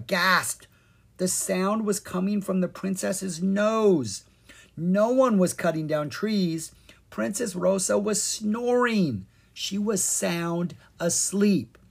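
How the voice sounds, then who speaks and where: A narrator reading a children's fairy-tale chapter book with expressive, animated storytelling. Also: mid-range voice, slow, creaky, husky. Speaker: audiobook narrator.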